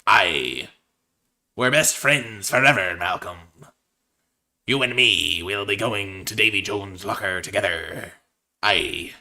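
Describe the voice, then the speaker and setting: A swaggering pirate captain growls out his "arr"s and "aye"s in a hearty, drawling sea-dog voice, as a man puts him on. The tone sits low and carries bright and forceful. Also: normal speed, pauses often, heavily acted. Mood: jolly.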